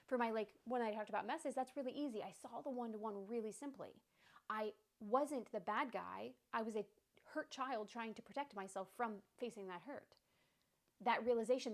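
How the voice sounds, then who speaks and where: Reassuring woman talking through self-help. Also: a little high. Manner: conversational, reassuring, many "okay?" and "right?" asides. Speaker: podcast host. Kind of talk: casual self-help talk.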